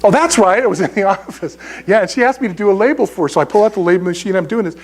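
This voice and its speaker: High-voiced joking male pastor. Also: rapid-fire. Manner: conversational and joking, with frequent restarts. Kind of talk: sermon. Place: church sanctuary.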